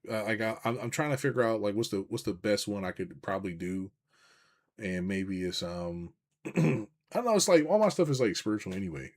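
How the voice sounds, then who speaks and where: A man chatting loosely on a live stream, rambling with lots of swearing and restarts, and reading viewer comments aloud. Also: fairly low pitch. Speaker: business coach hosting a live stream.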